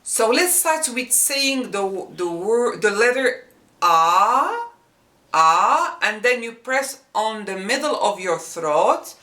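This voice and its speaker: Slow, echoey woman teaching letter sounds. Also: mid-range voice, pushed and bright. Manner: demonstrates sounds slowly with repetition. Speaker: Arabic teacher. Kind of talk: slow language lesson. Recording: echoey room, mic at a distance.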